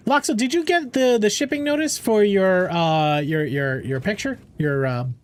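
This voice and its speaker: A playful young man chats with his stream audience while he plays, rambling from joke to joke. His voice sits high. He talks with a lively, swooping lilt. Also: normal speed. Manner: playful, rambling, answers chat and jokes around. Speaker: game streamer. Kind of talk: casual live-stream chat.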